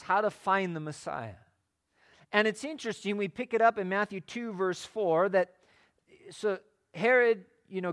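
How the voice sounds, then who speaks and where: A man's voice: high-pitched, bright, forceful tone. A man preaching a sermon in a conversational way, asking his listeners rhetorical questions. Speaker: pastor.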